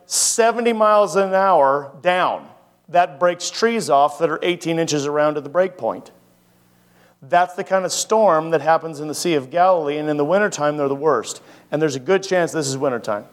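A man's voice: fairly high pitch, moderate pace. Conversational preacher man. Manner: conversational, asks the audience many rhetorical questions. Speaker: pastor. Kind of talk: sermon teaching.

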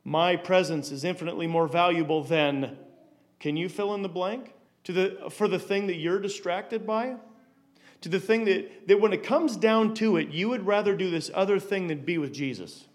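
A man's voice: high voice, moderate pace. A man giving a conversational Bible teaching, stumbling and repeating words as he asks rhetorical questions.

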